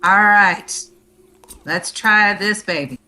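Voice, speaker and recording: Woman, bright voice, tabletop player, lively and eager. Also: medium pitch, takes it slowly. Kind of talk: casual tabletop game chat.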